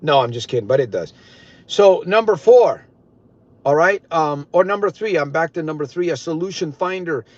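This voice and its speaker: A man's voice: on the high side, lively intonation, fast talker, hardly any pauses. An older man coaching listeners on a live stream, talking in an earnest, repetitive, preaching way. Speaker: recovery coach. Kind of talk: motivational live-stream talk. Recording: dull lo-fi live-stream audio.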